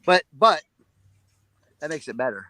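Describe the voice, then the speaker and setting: A man co-hosting a casual live chat, telling a story in an excitable, rambling way and repeating his words. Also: fairly high pitch, unhurried. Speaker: reseller show co-host.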